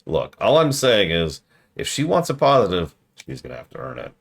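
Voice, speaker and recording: Deep-voiced man riffing on stream. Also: normal speed, gravelly, husky. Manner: rambling, jokey riffing with deadpan asides. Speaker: streamer reviewing a game. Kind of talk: casual livestream commentary.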